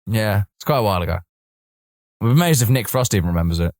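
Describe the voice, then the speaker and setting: A man co-hosting a comedy podcast, telling an anecdote in lively casual chat and acting out other people's lines. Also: on the low side, fast, dry recording, studio quality. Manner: lively storytelling, acts out voices. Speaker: podcast co-host.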